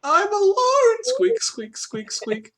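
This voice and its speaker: A man voicing a tiny, lonely, eager droid that squeaks and beeps. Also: wildly swooping pitch, takes it slowly, bright, forceful tone, exaggerated voice. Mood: chirpy. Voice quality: squeaky, beeping.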